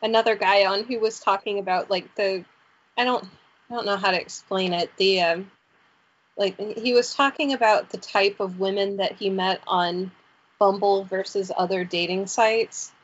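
A woman's voice: mid-range voice, steady tone, normal speed. A woman hosting a casual chat podcast, asking loose, rambling questions. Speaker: podcast host. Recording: dull lo-fi sound.

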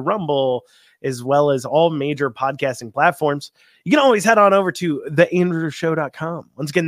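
A man's voice: on the high side, no room sound, clean studio sound. Folksy man hosting talk radio. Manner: rambling, folksy, many ums and restarts. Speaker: radio talk show host. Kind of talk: casual political talk radio.

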